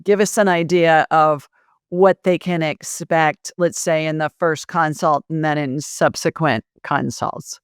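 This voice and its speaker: A woman with a very low, smooth voice hosting an interview. She restates her guest's ideas and checks that she has understood them. The sound is close and dry. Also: fairly even intonation, measured pace, no room sound. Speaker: host. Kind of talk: interview podcast.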